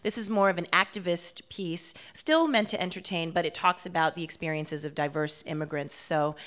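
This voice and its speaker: A woman from Washington, D.C., a performer and playwright, talking animatedly with frequent laughs in an interview. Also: on the low side. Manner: animated, laughs often, quick asides. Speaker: guest, solo performer and playwright. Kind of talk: interview conversation.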